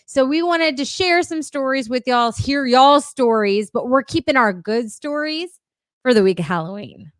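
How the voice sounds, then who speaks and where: A woman's voice: high voice, lively intonation, normal speed, no room sound. A young woman, co-hosting a casual chat while mixing a cocktail, bawdy and giggly and swearing freely. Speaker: co-host.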